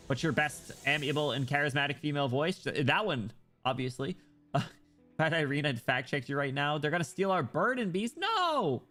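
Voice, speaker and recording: Excitable man streaming a story game. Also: mid-range voice. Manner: excitable, swearing, jokey reactions. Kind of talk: casual game stream, reading the story aloud.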